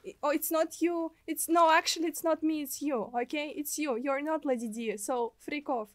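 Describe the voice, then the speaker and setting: High-voiced Russian woman streaming games. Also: normal speed, no echo. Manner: excitable, giggly, chatty with viewers. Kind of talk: casual gameplay livestream.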